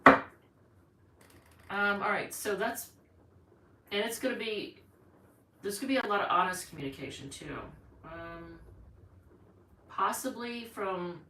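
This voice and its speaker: A woman's voice: medium pitch, slow, pauses often, pushed and bright, distant mic. A woman giving a rambling, chatty tarot reading on a live stream from home, thinking aloud as she goes. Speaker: tarot reader. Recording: echoey room, voice off-mic, faint noise.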